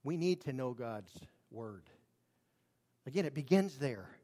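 A man preaching a sermon, earnest and emphatic, dropping his voice low and raising it for emphasis. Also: expressive, a little slow, warm tone. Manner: earnest, emphatic, varies volume for drama. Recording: long reverb of a large hall.

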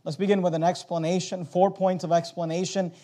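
A man's voice: high voice, little pitch movement, a little fast, mellow. A man preaching a sermon to his congregation, reading scripture aloud and stressing key phrases with growing intensity.

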